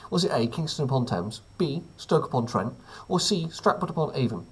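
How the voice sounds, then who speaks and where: A man's voice: mid-range voice, big pitch swings, brisk, breathy edge. A man who teaches, reading out a weekly quiz at home with dry, offhand jokes between the questions. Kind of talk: casual quiz reading with asides.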